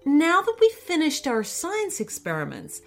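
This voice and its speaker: A patient storybook mother with a soft, reassuring way of speaking, as a woman puts her on. Her voice sits a little high and moves warmly up and down, unhurried, over quiet music. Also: wildly swooping pitch, vocal fry, heavily acted. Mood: gentle.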